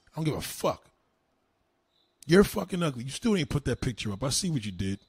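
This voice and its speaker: A man ranting on a livestream, answering his chat in a loud, combative, mocking way. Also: mid-range voice, big pitch swings, fairly quick, breathy edge, dry recording. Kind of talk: live-stream rant.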